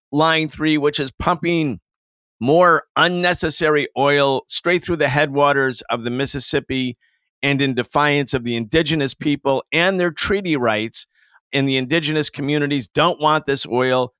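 A man's voice: on the high side, a bit bright, clear, resonant tone, dry recording. A man hosting a studio roundtable, giving emphatic, indignant political commentary. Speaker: host.

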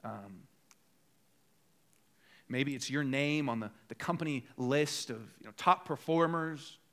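A man's voice: mid-range voice, a little slow, a bit bright. A man preaching a conversational sermon as pastor, rising to emphatic bursts when voicing people's inner thoughts. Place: church.

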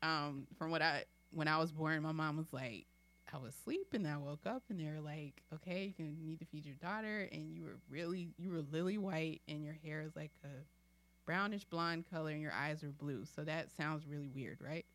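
A woman's voice: sits low, normal speed. A young woman in casual podcast chat, telling family stories with frequent laughter. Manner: laughing, expressive, animated storyteller.

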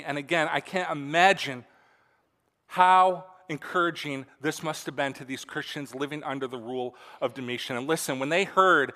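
A man's voice: high-pitched, brisk, pushed and bright. A young man preaching a sermon in an earnest, conversational way, checking in with the congregation with asides. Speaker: pastor. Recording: reverberant hall.

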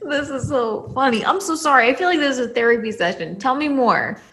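Bright-voiced woman teasing her co-host. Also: high voice, animated, fairly quick, slight background noise. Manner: teasing, laughing, dry quips. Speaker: podcast co-host. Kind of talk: casual chat.

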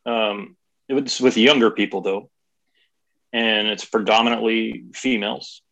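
A man chatting on a podcast, animated and swearing freely. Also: lowish voice, a little slow, creaky, low-quality recording. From California. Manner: animated, swears freely, mimics voices for effect. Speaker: guest podcaster. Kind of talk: casual podcast chat.

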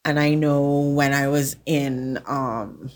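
Low-voiced woman, chatty. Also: fairly even intonation, takes it slowly, faint music behind. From The Bahamas. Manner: chatty storyteller, laughs often. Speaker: podcast guest, sports volunteer. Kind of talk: casual chat.

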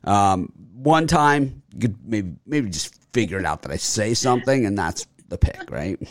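A man's voice: fairly low pitch, lively intonation, moderate pace, dry recording, clean studio sound. A man hosting a sports betting show, chatting casually, rambling with many fillers and boasting. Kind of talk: casual chat.

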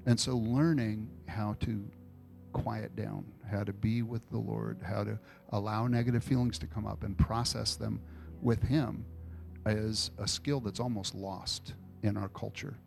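A male pastor preaches in a relaxed, storytelling way, with a slightly gravelly voice. He talks to the congregation conversationally, and soft music can be heard faintly underneath. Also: lowish voice, a little slow. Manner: conversational storytelling, animated retellings. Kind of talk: informal sermon with Q&A.

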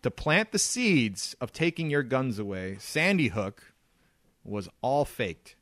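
A man's voice: mid-range voice, big pitch swings, takes it slowly, a bit bright, dry recording. Dry-voiced man chatting on a podcast. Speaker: podcast co-host. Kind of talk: casual podcast chat.

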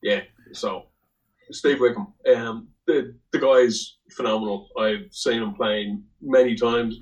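A man's voice: medium pitch, steady tone, slow, low-quality recording. An Irish man, a guest on a podcast, telling a rambling, salty anecdote in casual chat. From Ireland. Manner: rambling, salty storyteller who swears.

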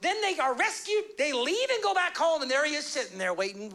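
A male pastor giving a conversational sermon, acting out quick little voices and shifting his pace and pitch a lot. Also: sharp tone.

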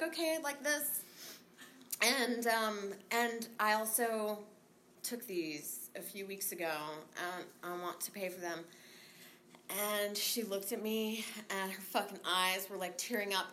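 A woman telling her recovery story in a candid, rambling way, swearing freely, laughing often and filling pauses with um and like. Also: mid-range voice, sharp tone, a little hiss or hum. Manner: rambling with many fillers. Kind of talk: casual spoken recovery story.

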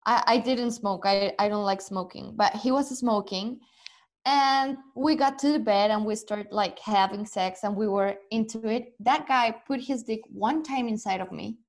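A woman's voice: on the high side, moderate pace. A woman guest in a casual group chat, speaking hesitantly but bluntly.

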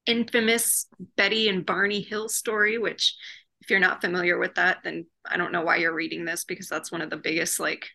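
Blunt woman with a bright, gravelly voice. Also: on the low side, flat delivery, fairly quick. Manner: blunt, opinionated, laughs often. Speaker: podcast co-host. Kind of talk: casual chat reviewing comics.

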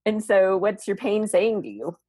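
A woman co-hosting a podcast, talking in a thoughtful, rambling way with many "you know"s and a husky voice. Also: mid-range voice, expressive, moderate pace, a little mellow, no room sound. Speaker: podcast co-host. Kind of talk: casual podcast chat.

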